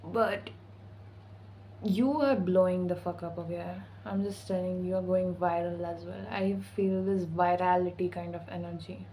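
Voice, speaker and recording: A woman's voice: fairly low pitch, steady tone, normal speed, warm tone, slight background noise, rough recording. A woman channeling intuitive spiritual messages in a casual vlog, slangy, sassy and full of swearing. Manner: slangy, profane and sassy, with frequent "okay?".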